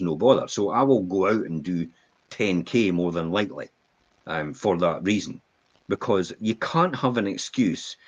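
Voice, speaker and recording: A man co-hosts a business podcast in relaxed chat, animated and storytelling, acting out quotes as he goes. His voice is husky and a little low, with a very lively pitch. The audio is dull and lo-fi. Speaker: podcast co-host.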